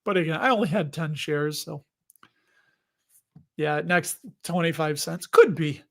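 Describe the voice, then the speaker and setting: A man's voice: on the high side, measured pace, vocal fry. A man in his forties hosting a casual livestream, chatting and joking while answering viewer questions. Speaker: host of investing livestream.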